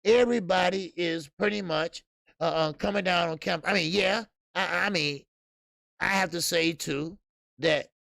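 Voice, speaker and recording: Boxing channel host: a man with a heavy gravelly voice and a profane, emphatic delivery, stuttering "uh" fillers, dry recording. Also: high voice, measured pace, fairly bright tone, dry recording. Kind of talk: casual boxing commentary rant.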